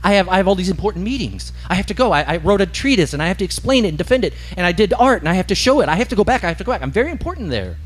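A man's voice: sits high, sing-song, rapid-fire, hardly any pauses, voice pushed up. A man voicing a proud, angry male ghost who was a painter, with a complaining, self-important manner. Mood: indignant.

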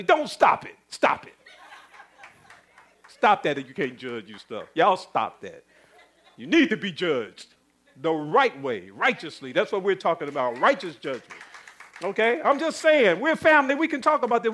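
A male preacher delivering a sermon, firing rhetorical questions at the congregation, chuckling and swinging between loud and hushed. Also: high voice.

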